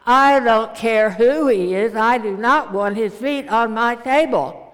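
A woman voicing a stern older woman who firmly and loudly scolds at home. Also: fairly high pitch, slow. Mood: scolding. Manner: firm, loud scolding. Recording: reverberant hall.

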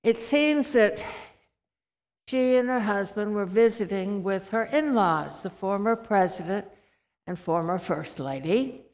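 Slow-spoken woman preacher in a hall. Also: mid-range voice, lively intonation. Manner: gentle storytelling, slow scripture reading. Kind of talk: sermon with anecdotes. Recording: reverberant hall.

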